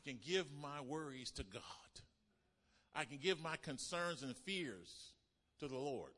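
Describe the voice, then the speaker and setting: A man's voice: medium pitch, expressive, unhurried. Man preaching in a reverberant hall. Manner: call-and-response preaching, swinging from loud emphatic to hushed. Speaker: pastor. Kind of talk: sermon.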